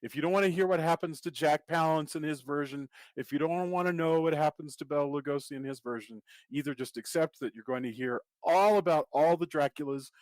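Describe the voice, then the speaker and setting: A man's voice: on the high side, fairly quick, few pauses, no room sound. A man from Texas hosting a casual podcast chat, rambling and stammering as he corrects himself. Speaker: podcast host.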